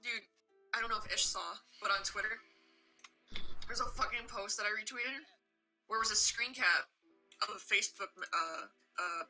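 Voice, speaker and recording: A woman in casual gaming chat with friends, animated and swearing as she tells stories. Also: medium pitch, moderate pace, pauses often, soft background music, poor audio. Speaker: gamer.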